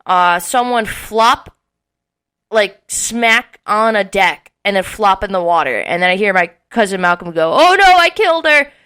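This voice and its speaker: A woman in her early twenties on a podcast, telling a long story in casual chat, animated and swearing often. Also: medium pitch, unhurried, smooth. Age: early 20s. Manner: animated, swearing often, acting out quotes with laughs. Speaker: podcast co-host.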